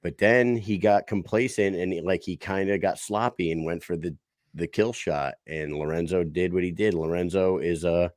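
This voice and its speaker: A man with a fairly low voice recaps a fight for a podcast in casual chat. He tells it with enthusiasm and free swearing, recorded dry and close. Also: fairly even intonation, normal speed, darkish tone, dry recording. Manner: enthusiastic, swearing, retells with quotes. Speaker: podcast co-host.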